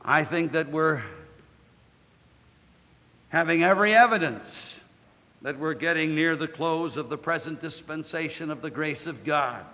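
A man preaching a sermon, reading scripture in a declamatory way, slowing and rising on the quoted verses. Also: fairly high pitch, sharp tone. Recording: long hall reverb.

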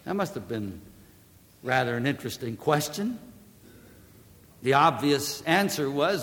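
A man preaching a sermon emphatically, swelling to loud declamation and dropping back low. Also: big pitch swings, a little slow, long pauses, in a large hall.

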